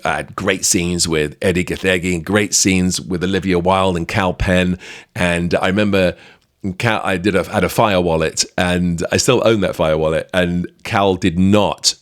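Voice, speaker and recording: A middle-aged British man hosting a podcast, chatting lively through a behind-the-scenes anecdote with plenty of fillers. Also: sits low, measured pace, no echo, clean studio sound. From Britain. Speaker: podcast host. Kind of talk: storytelling anecdote.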